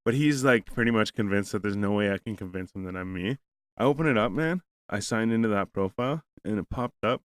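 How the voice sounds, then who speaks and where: A man's voice: on the low side, brisk, no room sound, studio quality. A man hosting a podcast, telling a rambling, profane story in casual chat and acting out both sides of a conversation. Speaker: podcast host.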